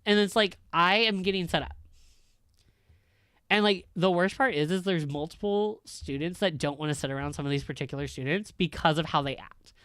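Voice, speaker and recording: Man, high school teacher, casual rant, blunt, profane, smooth voice, dry room. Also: brisk, fairly bright tone, no echo. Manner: candid, blunt and profane, filler-heavy. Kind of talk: casual ranting chat.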